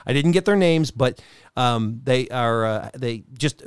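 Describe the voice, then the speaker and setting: A man co-hosting a casual podcast, telling stories in a lively way and acting out the people he quotes. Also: mid-range voice, unhurried, clear, resonant tone, no echo, studio quality. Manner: animated storyteller, acts out quotes. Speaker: podcast co-host. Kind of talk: casual chat.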